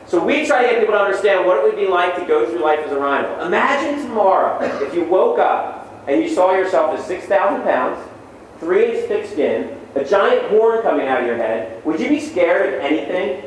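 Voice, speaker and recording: A middle-aged man with a fairly high voice gives an energetic motivational lecture to students. He fires off punchy lines and keeps checking in with "okay?" His voice bounces around a big hall and sounds far from the mic, over a faint hum of room noise. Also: fairly quick. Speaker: motivational speaker. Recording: very echoey hall, distant mic.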